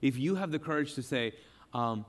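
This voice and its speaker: A man preaching a sermon with passion, repeating phrases and swinging between loud outbursts and hushed, quiet lines. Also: mid-range voice, animated, normal speed. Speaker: pastor.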